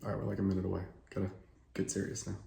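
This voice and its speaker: A man's voice: low voice, monotone, very fast, vocal fry, dark tone. A man who is losing his voice, joking and hyping himself up in a casual vlog before a job interview. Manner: upbeat, joking, hypes himself up. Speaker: job candidate and channel host. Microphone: podcast microphone. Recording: roomy sound with music behind.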